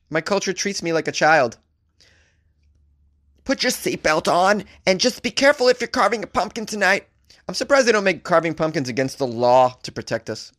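A man reads strange news items out loud and comments on each one. He is sarcastic and rambling, with a casual swear here and there. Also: mid-range voice. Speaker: host reading and reacting to news stories. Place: staying in a hotel abroad.

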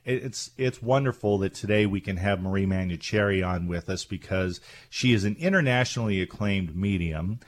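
A man's voice: sits low, moderate pace, hardly any pauses. A man hosting a radio talk show, chatting in an effusive, jokey way. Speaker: radio host. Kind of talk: casual radio chat.

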